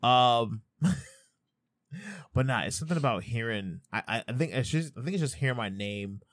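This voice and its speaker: A man in his thirties co-hosting a podcast, chatting casually, playful and animated, swearing freely. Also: medium pitch, normal speed, dry recording, clean studio sound. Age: 30s. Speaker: podcast co-host. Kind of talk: casual chat. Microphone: studio microphone.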